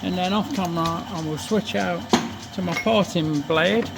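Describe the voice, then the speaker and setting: A man with a slightly hoarse voice gives chatty, sweary commentary while working at a lathe in his workshop, full of self-mocking asides. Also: high-pitched, normal speed, heavy background noise. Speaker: workshop fabricator.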